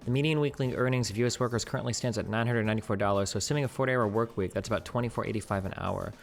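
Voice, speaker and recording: Low gravelly man thinking aloud. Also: racing. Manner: thinks aloud, questioning, many "like"s. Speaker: streamer. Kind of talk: livestream commentary, reading an article aloud.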